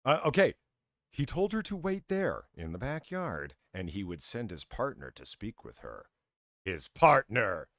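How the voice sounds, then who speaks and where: Lively, laughing man hosting online. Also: medium pitch, moderate pace, no room sound, studio quality. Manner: rambling, laughs through his own stories, swears. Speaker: game show host of an online comedy show. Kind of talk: casual comedic chat.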